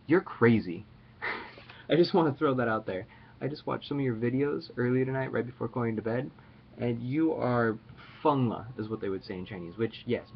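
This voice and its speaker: A man's voice: medium pitch, dull audio, a little hiss or hum. A man chatting casually to his viewers in a playful, jokey, rambling way. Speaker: vlogger. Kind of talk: casual chat to camera.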